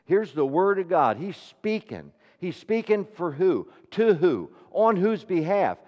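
Man preaching, hushed to booming. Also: sing-song, measured pace. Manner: swings from hushed near-whispers to loud ringing declarations; rhetorical questions to the congregation. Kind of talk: sermon. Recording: reverberant hall, dull low-fidelity sound.

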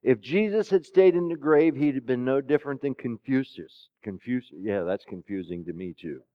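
A man's voice: mid-range voice, expressive, normal speed, dry recording. Preaching man, dull dry recording. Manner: asks the congregation questions, swings from soft to loud. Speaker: pastor. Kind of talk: sermon.

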